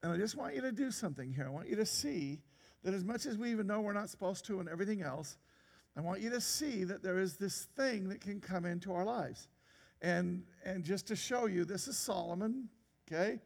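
A man's voice: sits high, lively intonation, brisk, gravelly, long reverb tail. A man preaching a sermon in a church, conversational, with rhetorical questions and frequent restarts. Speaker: pastor.

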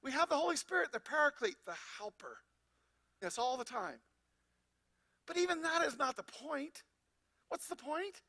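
A man's voice: very high voice, pushed and bright. A man pastor preaching a sermon, asking the congregation rhetorical questions and reading scripture aloud.

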